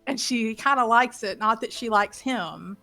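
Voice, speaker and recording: Gal retelling last session, chatty and cussing, music under it. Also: female voice, a little high, a little slow, vocal fry. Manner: lively storytelling, swears freely. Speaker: player. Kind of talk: casual recap of a tabletop game.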